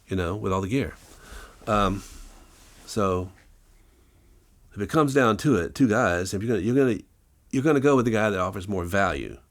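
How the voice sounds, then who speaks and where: Low male voice, musician-teacher interviewee, rambling anecdotal delivery full of fillers. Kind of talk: interview storytelling.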